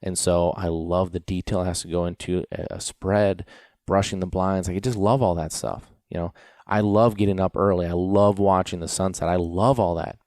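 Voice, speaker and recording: A man with a low, deep voice talks casually, as on a podcast, about training dogs. He rambles and restarts often while telling stories. The sound is close and dry, with no room echo. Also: steady tone, normal speed, darkish tone. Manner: rambling, storytelling with many restarts and fillers. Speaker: dog trainer and podcast host.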